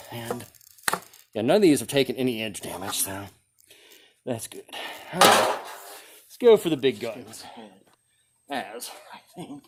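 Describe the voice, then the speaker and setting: This video host demonstrates weapons in a test-cutting session, either outdoors or in a workshop, narrating casually while thinking out loud and chuckling. He has a mid-range voice, and there is background noise.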